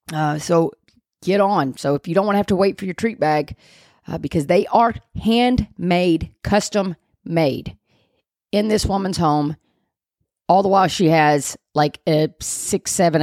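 A woman's voice: lowish voice, darkish tone, no echo, studio quality. A woman hosting a dog-training podcast, chatting casually and rambling with self-deprecating asides.

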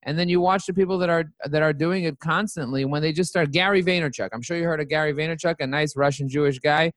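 A man's voice: fairly high pitch, quick pace, no room sound. A man, a company CEO, telling stories as a guest in a casual interview, acting out the dialogue as he goes. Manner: animated, acts out quoted dialogue.

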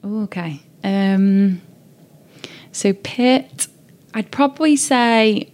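A woman's voice: medium pitch, very slow. A woman with a Scouse accent, talking casually as a guest in an interview and recalling her career with plenty of fillers. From Liverpool, England. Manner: chatty, warm-hearted storytelling with many fillers. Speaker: interview guest, agency director.

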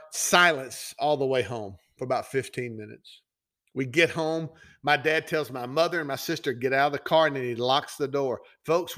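Middle-aged male podcast host, slightly high-pitched, folksy and conversational storyteller. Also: a bit bright. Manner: folksy, conversational, with heavy fillers and restarts.

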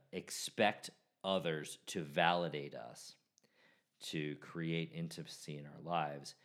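Low-pitched man, forties, podcast host, easygoing and chatty with restarts. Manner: casual, joking, restarts often. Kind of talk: solo podcast talk.

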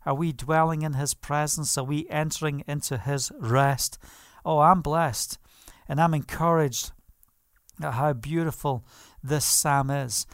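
A man's voice: fairly high pitch, fairly even intonation, measured pace, dry recording, clean studio sound. A man preaching a sermon, fervent, asking the listeners questions and laughing now and then. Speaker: pastor.

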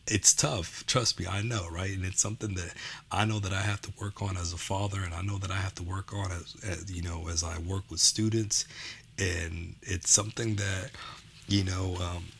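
Male educator, motivational talk, conversational; bright, gravelly delivery. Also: deep voice, a little hiss or hum. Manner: conversational, frequent "you know" and "okay?" check-ins. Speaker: educator and father. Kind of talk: motivational talk to parents and teachers.

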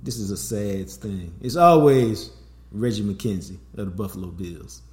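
A man's voice: fairly low pitch, measured pace, a little mellow. Middle-aged man hosting a sports podcast. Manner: loose, streetwise banter with promo plugs. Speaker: podcast host. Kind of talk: casual sports podcast chat. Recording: roomy echo.

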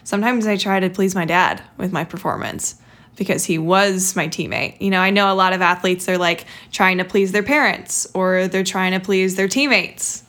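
A young woman hosts a podcast in a relaxed, chatty way, thinking out loud and leaning on casual fillers. Her voice is bright and forceful, with an ordinary middle pitch. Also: moderate pace. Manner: chatty, reflective, lots of "like" and "you know". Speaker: podcast host.

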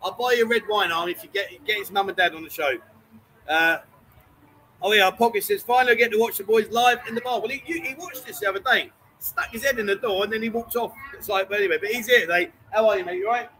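A man's voice: sits high, fast talker, sharp tone, a little hiss or hum, poor audio. A man hosting a casual live stream from a bar, teasing his co-host and reading out viewer comments. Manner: teasing banter, reads viewer comments aloud.

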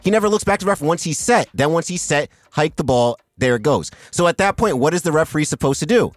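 Male co-host, slightly high voice, methodical play breakdown, dry close mic. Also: expressive, fast, no room sound, soft background music. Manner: methodical, walks through play step by step. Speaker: podcast co-host. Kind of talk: casual sports debate.

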